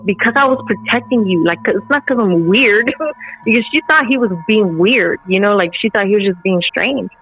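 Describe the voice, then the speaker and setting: Woman, middle-aged, chatty storytelling, lots of fillers, tinny phone-line sound, faint music underneath. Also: medium pitch. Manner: animated retelling with filler words. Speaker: podcast guest. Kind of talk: casual storytelling.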